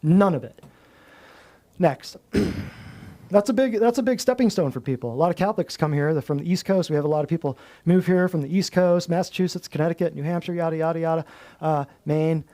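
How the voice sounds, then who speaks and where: Blunt, ranting man with a mellow voice. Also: on the high side, fairly quick. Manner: emphatic, ranting, piles up long lists; folksy, blunt, slangy. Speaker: natural health clinic host. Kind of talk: preachy talk to a live group.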